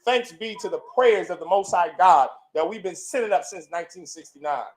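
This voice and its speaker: A man preaches a fiery sermon with a notably high-pitched voice. He talks forcefully, repeating phrases like a chant. He swings from loud bursts down to low, intense lines. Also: fairly quick, poor audio. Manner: repetitive, chanting lists. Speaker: preacher leading a congregation. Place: indoor gathering.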